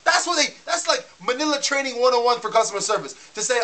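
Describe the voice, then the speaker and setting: Fired-up ranting guy, bright fast voice. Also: very high voice, animated. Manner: fired-up, heated, restarts and stammers when worked up. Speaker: vlogger ranting to camera. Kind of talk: casual rant.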